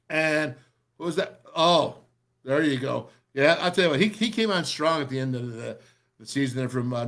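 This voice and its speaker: A middle-aged man hosting a show, excitedly breaking down football game film in a rambling, pumped-up way. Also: fairly high pitch.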